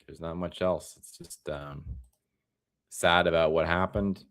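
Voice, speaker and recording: A young man from Florida hosting a casual live stream, rambling in a tired, relaxed way. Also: low voice, measured pace. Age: young adult.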